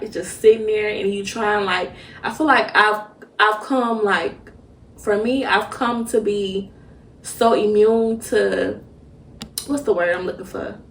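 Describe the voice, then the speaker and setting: A young woman hosts a podcast, talking through a personal story in a halting, emotional way with many restarts. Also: mid-range voice, fairly bright tone, a little hiss or hum. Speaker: podcast host. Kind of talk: personal reflective monologue. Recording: roomy echo, mic at a distance.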